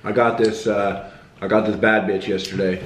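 A man's voice: fairly low pitch, level tone, moderate pace, roomy sound, background noise. A man vlogging in a loose, joking way, swearing casually as he chats to the camera. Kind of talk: casual vlog chat.

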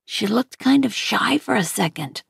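A woman reading a novel aloud in an unhurried, even storytelling manner. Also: a little high, creaky, slightly rough, no echo, clean studio sound. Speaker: reader.

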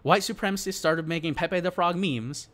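A man's voice: high-pitched, moderate pace, a bit bright. A man ranting in a worked-up, exasperated way in casual, slangy gaming commentary, talking straight to his viewers. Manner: casual slangy address to the audience. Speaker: gaming YouTuber.

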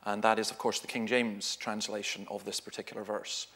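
A man's voice: fairly low pitch, flat delivery, a little fast, a bit bright. A man with a Scottish accent giving an informal teaching talk at a church, telling stories with humor and often correcting himself mid-sentence. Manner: conversational, humorous, self-correcting storyteller. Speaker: guest speaker.

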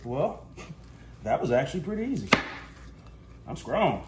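A man's voice: medium pitch, very animated, unhurried, heavy background noise. A man hosting a casual cooking vlog in his home kitchen, joking and talking straight to viewers. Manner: jokey, laid-back, talks straight to viewers. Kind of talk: casual cooking demo chat.

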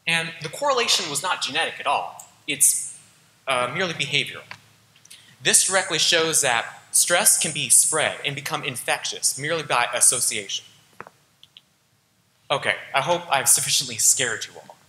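A man's voice: a little high, lively intonation, normal speed, pushed and bright, slight background noise. Teen boy presenting in an echoey hall. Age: teens. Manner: earnest, casual, addresses the audience directly. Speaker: student presenter. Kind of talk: school presentation. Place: school auditorium.

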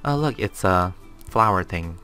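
A gaming channel host plays through a casual let's-play, rambling and joking to himself in a self-amused way. His low voice is animated, bright, forceful, and clean, and he speaks unhurriedly over faint music.

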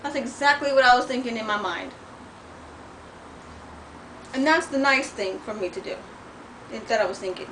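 Woman, middle-aged, high voice, profane venting, sore and in pain, distant mic. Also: moderate pace, pauses often, fairly bright tone. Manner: blunt, profane, heated storytelling. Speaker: vlogger. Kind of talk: venting vlog rant. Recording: distant mic with faint noise.

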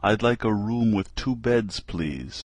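A man reads practice phrases for language learners at an unhurried pace, pausing after each one. His voice sits a little low and has a husky edge. The recording is dry and close, with no room sound. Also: expressive, dry recording. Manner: reads short phrases one at a time with pauses. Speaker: language lesson reader. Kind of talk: slow reading of practice phrases.

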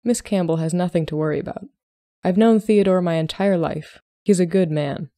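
A woman reading a story aloud, voicing a reserved young gentleman at a ball who speaks evenly and gravely. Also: fairly low pitch, normal speed, no room sound, clean studio sound, lightly acted. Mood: level. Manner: even, grave.

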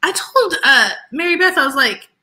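A woman's voice: high-pitched, lively intonation, moderate pace, pushed and bright. A woman co-hosting a casual live stream, teasing her co-hosts and reading viewer comments aloud in a chatty way. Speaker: co-host of live resale show.

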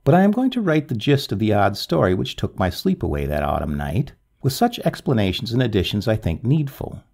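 Male storyteller, classic ghost tale, dramatic reading, very animated pitch, gravelly husky voice. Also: a little fast. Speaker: narrator.

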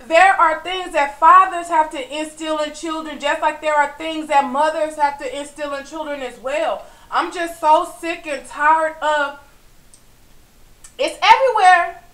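Woman vlogger, high voice, venting monologue in an echoey room. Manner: frustrated, preachy, asks "you know what I'm saying?"; swings from low weary murmurs to loud emphatic outbursts. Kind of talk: impassioned personal vlog monologue.

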